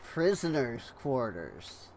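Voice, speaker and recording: A man streaming a game, rambling slowly with lots of fillers and yawning as he plays. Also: mid-range voice, sing-song, a little mellow. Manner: rambling, unhurried, many fillers and trailing thoughts. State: yawning, tired. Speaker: gaming streamer. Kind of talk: casual let's-play commentary.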